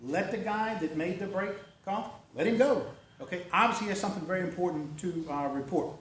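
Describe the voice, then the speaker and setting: In a meeting room, a man gives a folksy, conversational club talk, often checking in with "okay?" and "right?". His voice is high-pitched and brisk, and the echoey room is recorded from far off.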